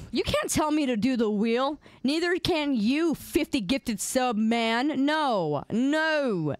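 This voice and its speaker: A woman's voice: a little high, no room sound. A woman streaming, chatting casually and reacting to memes with playful, mock-indignant whining and teasing.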